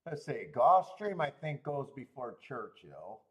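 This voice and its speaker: A man hosting a horse racing betting livestream, talking casually in animated, laughing rants and stammering often. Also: medium pitch, a little slow.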